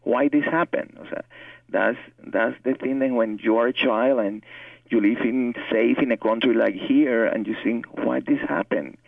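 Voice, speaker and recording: A man's voice: medium pitch, normal speed, gravelly, no echo. A novelist guest with a Cuban Spanish accent, a native Spanish speaker, who speaks earnestly and often repeats words as he searches for his English. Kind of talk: interview conversation. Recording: tinny phone line, distant from mic.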